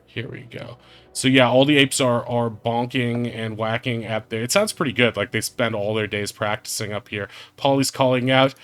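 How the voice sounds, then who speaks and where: A man's voice: mid-range voice, steady tone, moderate pace, fairly bright tone. A man narrating as game master of a tabletop game, chatty and laughing as he goes, with music behind him.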